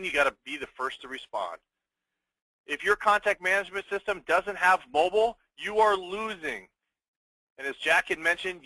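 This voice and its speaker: A man hosts a sales webinar with a bright, somewhat high voice, recorded dry and close. He pitches in an upbeat way, firing off rhetorical questions and answering them himself, and checks in with the audience with a quick "okay?". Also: dry recording, poor audio. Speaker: webinar host.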